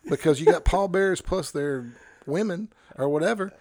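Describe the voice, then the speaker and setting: A man who is a pastor, telling a story in casual podcast talk. He is animated, breaks off mid-sentence and chuckles as he goes. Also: on the high side, moderate pace, no echo. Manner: animated, self-interrupting, chuckles through his story.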